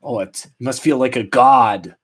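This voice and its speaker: A man in his late thirties hosting a solo comedy podcast, rambling in a deadpan, self-mocking way. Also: medium pitch, measured pace, slightly rough. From Canada. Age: 30s. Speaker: podcast host. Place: at home.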